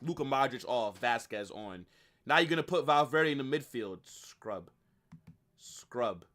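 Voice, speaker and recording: A man's voice: medium pitch, expressive, a little slow, fairly bright tone. A young man hosting a live football watch-along, ranting in frustration and repeating himself.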